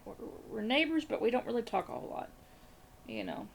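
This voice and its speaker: A woman's voice: a little high, huge pitch swings, fairly quick, creaky, a little hiss or hum. A Southern American woman chatting casually as a crafting vlogger, rambling through a story and repeating phrases.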